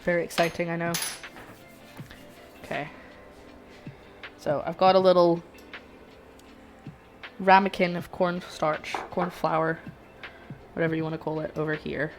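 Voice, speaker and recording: A woman's voice: fairly low pitch, flat delivery, measured pace, pauses often. A young woman streaming herself cooking, chatting and rambling to her viewers while she works in her home kitchen. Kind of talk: live-stream cooking chat. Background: faint background music.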